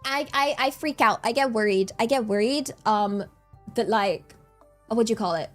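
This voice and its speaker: A young vtuber streamer chats casually in a slightly high voice at normal speed, with soft music in the background. She rambles and giggles, gets excited easily, and often repeats words.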